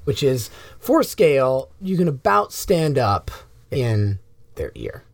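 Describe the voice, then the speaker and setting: A man's voice: mid-range voice, vocal fry. A man narrating as game master of a tabletop game, casual and a bit profane. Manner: slow, animated narration with casual swearing.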